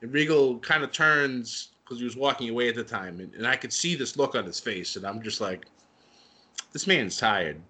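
A man chatting casually and excitedly as he recaps a wrestling show, with lots of fillers and laughter. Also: medium pitch, brisk, few pauses. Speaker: wrestling podcast co-host.

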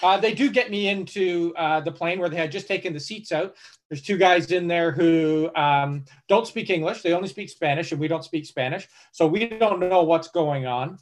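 Male travel blogger guest, chatty storyteller, restarts and fillers, slightly higher voice. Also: moderate pace. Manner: animated, many restarts and fillers. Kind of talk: conversational storytelling.

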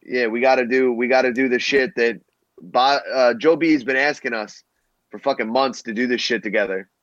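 A man's voice: mid-range voice, steady tone, moderate pace, a bit bright, dry recording. Laid-back man on a dull line. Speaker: podcast guest. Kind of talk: casual chat.

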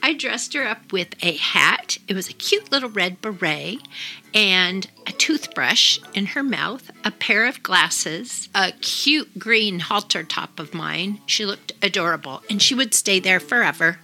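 A woman host telling a childhood story on a podcast in a lively, expressive way, now and then dropping to a whisper for asides. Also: medium pitch, rough recording. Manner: animated, acts out voices and sounds, drops to whispers for asides.

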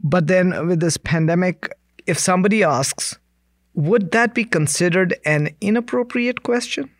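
A man's voice: high voice, moderate pace, no echo. Hesitant man podcast co-host. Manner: hesitant, many fillers, dry humor. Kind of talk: casual chat.

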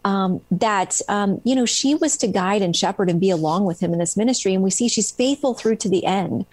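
A woman's voice: medium pitch, a little fast, darkish tone, no echo. A woman author retelling stories from her book in a casual interview, with many ums and restarts. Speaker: author guest.

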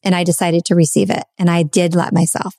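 A woman's voice: on the low side, little pitch movement, a little fast, creaky, warm tone, no room sound, clean studio sound. A woman podcast host in casual conversation, telling a heartfelt personal story in a chatty way, full of fillers.

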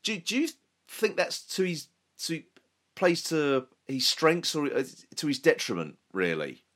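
A man's voice: a little high, wildly swooping pitch, unhurried, fairly bright tone. A man hosting a podcast in casual chat, rambling and hedging with many restarts. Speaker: podcast host.

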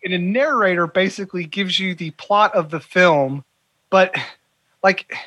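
A man's voice: high voice, a little slow, bright, forceful tone, no echo, highs cut off. A man co-hosting a podcast, talking animatedly about a movie trailer with lots of "like" and acted-out quotes. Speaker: podcast co-host. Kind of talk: casual movie chat.

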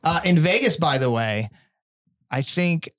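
A man's voice: fairly high pitch, expressive, unhurried, fairly bright tone, no echo, studio quality. Rambling young man on a podcast. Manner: rambling, self-interrupting, laughs often. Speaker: podcast guest. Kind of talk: casual chat.

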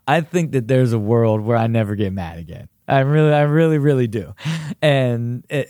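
A man's voice: medium pitch, dry recording, clean studio sound. A man hosting a podcast, talking casually and with energy about self-improvement, repeating himself and restarting sentences as he goes. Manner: animated, repeats words and restarts, quick asides. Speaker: podcast host. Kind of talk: casual self-help monologue.

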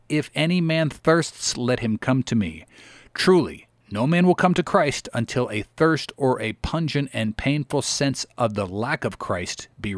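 A man delivers an old-style sermon in a solemn, measured cadence, rising into earnest pleas. His pitch sits in an ordinary middle register. The sound is dry and close, with no room around it. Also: no room sound. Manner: earnest, measured preaching cadence with pleading exclamations. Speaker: reader of historical sermons.

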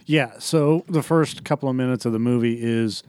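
A man's voice: mid-range voice, normal speed, darkish tone, clean tone, no room sound. A man co-hosting a podcast, recapping a movie in casual chat with rambling, tag-question asides. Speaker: podcast co-host.

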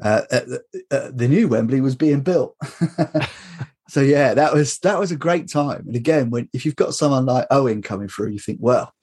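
A man's voice: mid-range voice, normal speed, a little mellow, slightly rough. A man, chatting casually as a podcast guest, laughing often and restarting his sentences. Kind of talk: casual chat.

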